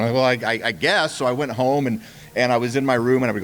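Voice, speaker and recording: A man's voice: medium pitch, fast. A man, a ministry's partnership director, giving a folksy, storytelling speech at a charity event, with many restarts.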